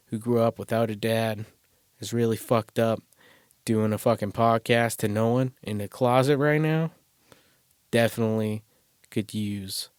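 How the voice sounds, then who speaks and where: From a small closet, a man hosts a solo podcast in a lowish, darkish voice, recorded dry with clean studio sound. His casual monologue is rambling, crude and self-deprecating, with plenty of swearing.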